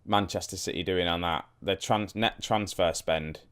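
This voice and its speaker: Deep-voiced man chatting over a game. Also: moderate pace, a bit bright, clean tone. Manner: chatty, thinking aloud, addresses viewers. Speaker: gaming YouTuber. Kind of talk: casual let's-play commentary.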